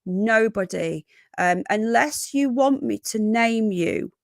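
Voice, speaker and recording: A woman hosting a casual live stream, a bit croaky, chatting and greeting viewers by name with endearments like darling and sweetheart. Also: a little high, animated, slow pace, no room sound, clean studio sound. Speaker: livestream host.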